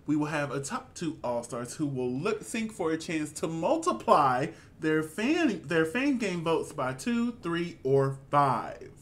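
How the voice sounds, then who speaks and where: Man, higher-pitched voice, exclamatory, sassy, casual co-host chat. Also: a little slow, few pauses. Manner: animated and exclamatory, with sassy asides. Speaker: co-host reviewing a reality show.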